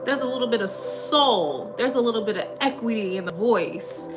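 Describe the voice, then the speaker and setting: A young woman from the upper Midwest chats on a livestream, her voice sitting a touch high. She tells stories in an animated, slangy way and often breaks into laughter, with music playing clearly behind her. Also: moderate pace. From Minnesota. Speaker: livestream host. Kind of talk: casual livestream chat.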